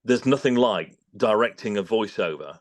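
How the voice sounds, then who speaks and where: A man's voice: lowish voice, moderate pace, no echo. A man with a British accent, a voice-over artist chatting in an interview and acting out studio exchanges. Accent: British English. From England. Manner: animated, acts out studio exchanges in quoted voices. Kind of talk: casual interview chat.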